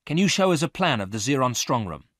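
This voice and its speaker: A man's voice: mid-range voice, big pitch swings, fast, a bit bright, no room sound, pitched above the performer's own voice. A man reading aloud, voicing an earnest male safecracker who explains a heist plan step by step. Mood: instructive.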